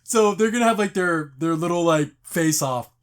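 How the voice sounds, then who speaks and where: A man's voice: on the high side, moderate pace, smooth. A man hosting a casual review podcast, animatedly retelling scenes and acting out the characters' lines. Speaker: podcast host.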